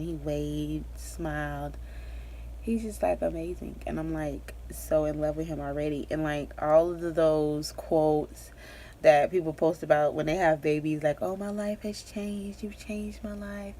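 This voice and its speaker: A woman's voice: low voice, darkish tone. A young pregnant woman giving a rambling, chatty vlog update, full of fillers and little laughs. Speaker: vlogger.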